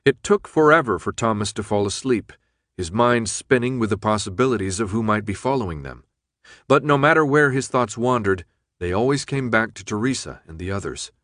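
A man reading a novel aloud in even, measured scripted narration. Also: lowish voice, no echo, studio quality. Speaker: audiobook narrator.

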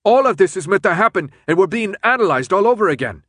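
A male audiobook narrator voicing an agitated, suspicious young man who yells his complaints. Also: high-pitched, very animated, quick pace, no echo, voice pushed up, heavily acted. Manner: yelling, agitated.

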